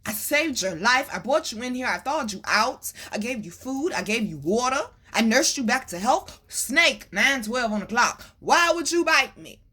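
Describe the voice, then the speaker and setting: A woman's voice: expressive, moderate pace, hardly any pauses, pushed and bright, slightly rough, heavily acted. A woman voicing a betrayed man pleading with the snake he saved, in a fable she tells. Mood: pleading, indignant. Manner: high, pleading, indignant.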